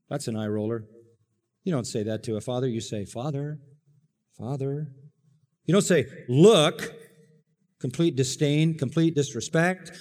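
A man's voice: fairly high pitch, darkish tone. Preacher man in a big reverberant hall. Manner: dramatic, acts out the characters' lines. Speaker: pastor. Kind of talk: sermon.

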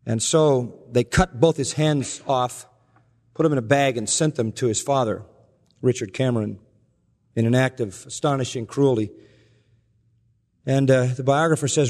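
A man preaching in a measured, earnest storytelling manner, easing into quieter, slower delivery for the moving moments. His voice sits at a middle pitch. The sound carries a long hall reverb. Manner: earnest storytelling, slows and softens for emotional quotes. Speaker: pastor. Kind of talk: sermon.

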